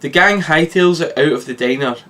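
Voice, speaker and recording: A man reads his own short story aloud. His voice sits slightly high and stays lively. He stumbles now and then and corrects himself. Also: fairly quick. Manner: lively read-aloud narration with small slips.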